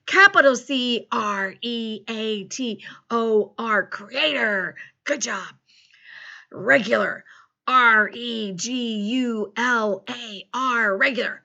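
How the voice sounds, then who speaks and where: A middle-aged woman teaching an online phonics lesson in a cheerful, animated way, spelling words out letter by letter and adding playful pirate arrs. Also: on the high side, slow pace, muffled recording. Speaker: second grade teacher.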